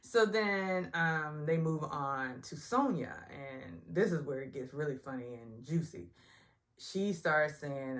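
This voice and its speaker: A middle-aged woman chats through a reality TV recap in a lively, swooping voice pitched on the low side. She is opinionated and talkative, slipping into high mimicking voices to quote people. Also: slow. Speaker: recap vlogger.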